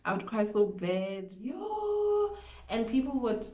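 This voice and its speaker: A woman's voice: a little high, big pitch swings, takes it slowly, warm tone. A young woman from South Africa candidly telling a personal story on her vlog, emotional and open, often repeating words as she searches for them. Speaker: vlogger. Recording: echoey room, dull lo-fi sound.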